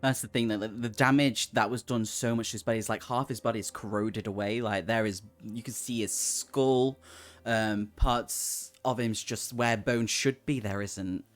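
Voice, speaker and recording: A man's voice: lowish voice, fairly even intonation, normal speed. A man running a tabletop game as game master, talking casually with hesitant restarts.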